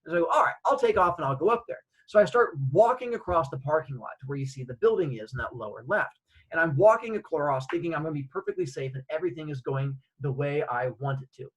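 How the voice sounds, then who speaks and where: Animated man telling a story. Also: on the high side, fast talker, low-quality recording. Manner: animated, acts out dialogue. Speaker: host. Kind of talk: casual storytelling.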